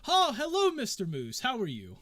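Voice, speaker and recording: Man playing a polite tournament hand, friendly and eager, halting delivery, a bit high, bone-dry sound. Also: animated, no echo. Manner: hesitant, full of uh and um.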